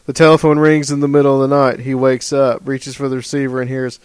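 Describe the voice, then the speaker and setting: A man co-hosting a casual podcast chat, rambling and easygoing, sometimes reading a passage aloud in a steady, measured way. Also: mid-range voice, smooth, dry recording. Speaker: podcast co-host.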